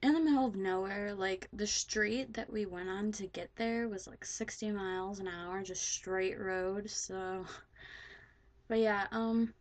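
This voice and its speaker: A woman's voice: medium pitch, steady tone, a little slow. A teenage girl casually telling a story to the camera, rambling with lots of "like" and swearing freely. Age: teens. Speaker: vlogger.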